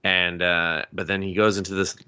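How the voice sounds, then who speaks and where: A man's voice: sits low, level tone, moderate pace, pushed and bright, clear, resonant tone. A man co-hosting a casual movie review podcast, swearing freely and acting out scenes in quoted voices. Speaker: podcast co-host.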